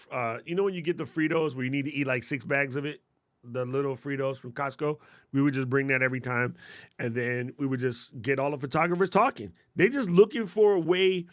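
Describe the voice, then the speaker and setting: A man hosting a live question-and-answer stream, giving casual, energetic advice in slangy talk and calling viewers family. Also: medium pitch, no echo, studio quality. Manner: energetic, slangy, addresses chat as fam and family. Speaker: host answering creator questions.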